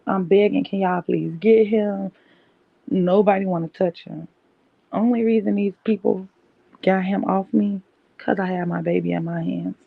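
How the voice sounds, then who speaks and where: A young woman, telling a personal story candidly on her podcast in a conversational, animated way. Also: mid-range voice, moderate pace, gravelly, dry recording. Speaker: podcast host. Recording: dull, dry, lo-fi mic.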